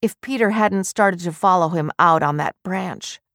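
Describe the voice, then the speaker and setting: A woman's voice: fairly low pitch, normal speed, fairly bright tone, dry recording, clean studio sound. A woman voicing a grieving, bitter young mother.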